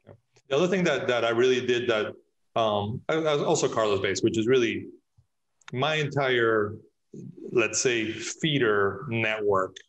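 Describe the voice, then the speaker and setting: A man's voice: medium pitch, unhurried, fairly bright tone, muffled recording. A man, a real estate agent, talking in a casual podcast interview, telling stories with many restarts and acting out his clients' lines.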